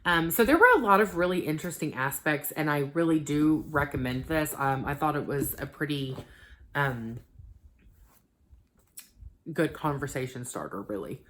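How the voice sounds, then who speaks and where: A woman in her thirties chatting casually about the books she read, full of ums and likes, getting animated when she quotes conversations. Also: deep voice, normal speed. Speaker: book vlogger. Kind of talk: casual book review chat.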